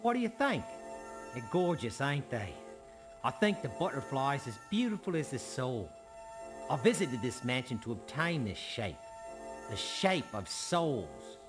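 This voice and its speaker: A man's voice: mid-range voice, sing-song, measured pace, over music. An actor playing an eccentric male butterfly-collecting scientist in a video game, with an odd accent that wanders and is hard to place, delivered in a theatrical sing-song way. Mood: enticing.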